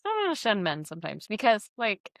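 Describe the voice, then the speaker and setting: A woman's voice: mid-range voice, wildly swooping pitch, fast talker, dry recording. A young woman co-hosting a casual chat podcast, reacting with dry teasing remarks and telling her own stories. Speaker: podcast co-host.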